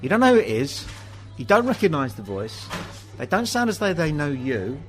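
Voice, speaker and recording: An English man hosts a relaxed pub chat, reeling off anecdotes and playing every part in them. His voice sits a little high and swings widely as he talks. Faint music plays underneath. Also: normal speed, poor audio. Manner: animated anecdotes, acts out dialogue. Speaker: host.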